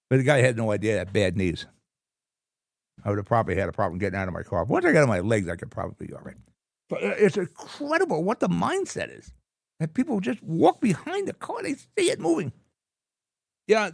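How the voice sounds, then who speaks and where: A man's voice: a little high, creaky, no echo, studio quality. A middle-aged man hosting a talk show, blunt and ranting, swearing freely. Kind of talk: casual talk show monologue.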